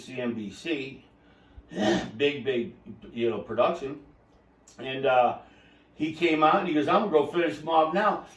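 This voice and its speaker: A man hosting a podcast, telling a story in a lively, laughing way and acting out quotes. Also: on the high side. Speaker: podcast host. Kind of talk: casual storytelling chat. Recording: roomy, distant mic.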